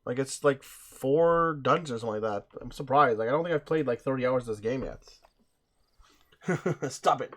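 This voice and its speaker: A man's voice: medium pitch, moderate pace, fairly bright tone. A young man chatting casually to viewers during a game let's play, rambling with restarts.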